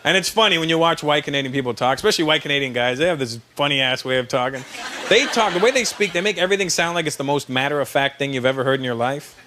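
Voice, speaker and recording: Brash high-voiced male stand-up comic. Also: animated, fast, sharp tone. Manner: brash, teasing the crowd. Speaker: stand-up comedian. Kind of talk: stand-up comedy. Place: comedy stage before a live audience. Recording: noisy live stage recording.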